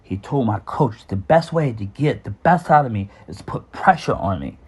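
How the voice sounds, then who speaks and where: Man, husky voice, lively pitch, candid personal storytelling, restarts and swearing. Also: normal speed.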